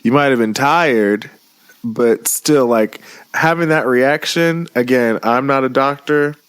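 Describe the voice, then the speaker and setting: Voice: mid-range voice, takes it slowly. A podcast co-host in casual, profane chat who laughs hard at the stories.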